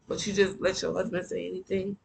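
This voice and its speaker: A book reader reading a novel aloud and breaking off for animated, casual commentary to listeners. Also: medium pitch, brisk, creaky, noisy background. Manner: animated, heated asides to listeners. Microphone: earphone mic.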